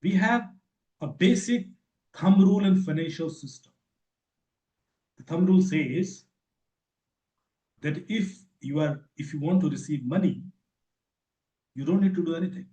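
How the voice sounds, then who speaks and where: A man's voice: on the high side, unhurried, pauses often, mellow. A man with an Indian English accent giving a teacher training lecture on cyber safety, emphatic and repetitive as he tells his stories. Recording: echoey hall.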